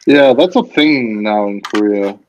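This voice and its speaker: A man's voice: fairly low pitch, a little slow, slight background noise. A man hosting a casual group chat, rambling and restarting his sentences. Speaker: host. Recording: dull lo-fi sound.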